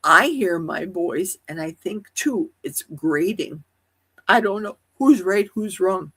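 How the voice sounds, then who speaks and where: A woman hosting a casual livestream chat, with a high, youthful-sounding voice, rambling and asking many rhetorical questions. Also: expressive, takes it slowly, a bit bright, slightly rough. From Wisconsin. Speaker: livestream host. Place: at home in a forest.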